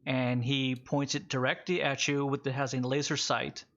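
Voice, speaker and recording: A man acting as game master, narrating a combat scene in a relaxed, plain-spoken way. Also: medium pitch, moderate pace, dull audio.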